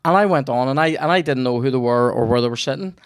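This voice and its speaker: A man's voice: mid-range voice, fast talker, clean tone, dry recording, studio quality. A young man with a Northern Irish accent hosting a chat show, telling rambling, sweary stories in a casual way. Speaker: comedian podcast host.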